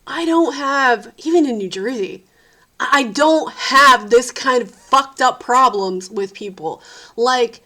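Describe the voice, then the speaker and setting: Exhausted woman vlogger; slightly high, bright voice; profane, exasperated venting. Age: adult parent. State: sleep-deprived, tired. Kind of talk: casual venting vlog.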